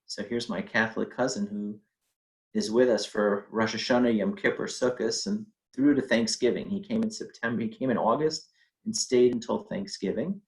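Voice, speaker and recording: A man's voice: fairly low pitch, normal speed, low-quality recording. A middle-aged man telling a personal family story in a conversational way, with fillers and quoted speech.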